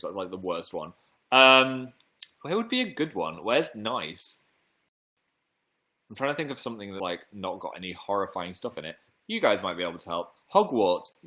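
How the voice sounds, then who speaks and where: Bright-voiced man rambling on a livestream. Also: lowish voice. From England. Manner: rambling, playful, chatty. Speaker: livestream host. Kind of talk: casual live-stream chat reading comments. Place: home room.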